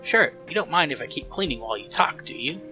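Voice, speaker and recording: A man voicing a cheerful, hungover middle-aged male cyber doctor who jokes loudly, with a Midwestern accent. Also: on the high side, expressive, quick pace, soft background music, voice pushed up. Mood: jovial. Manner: loud, boisterous, joking.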